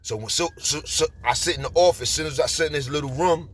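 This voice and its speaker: A man in his forties with a New York accent, telling street stories in a casual, animated way. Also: on the high side, fast, husky. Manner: streetwise, animated, repeats "you heard?". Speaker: storyteller. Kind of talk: casual storytelling.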